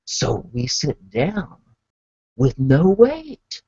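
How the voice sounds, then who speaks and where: A man's voice: fairly high pitch, huge pitch swings, drawn-out words, dark tone, husky, dry recording. A man telling a comic story as a host in character, with laid-back hippie slang, referring to himself in the third person. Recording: dull lo-fi recording.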